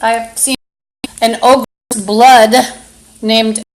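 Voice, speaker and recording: A woman host rambling in a live-stream monologue into a phone camera, halting with many fillers and breaking into angry, insulting outbursts. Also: on the high side, level tone, poor audio.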